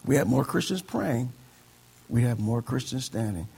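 A man's voice: mid-range voice, lively intonation, normal speed, vocal fry, a little mellow, husky. A male pastor preaching a sermon, quoting scripture and calling for amens from the congregation. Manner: call-and-response preaching, quoting scripture, mocking excuses in voices.

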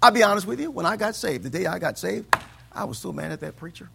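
A man preaching a sermon, asking the congregation for amens and swinging between loud declaiming and quiet asides. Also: sits high, expressive, quick pace, gravelly, heavy background noise. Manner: call-and-response preaching, asks for amens. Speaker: pastor.

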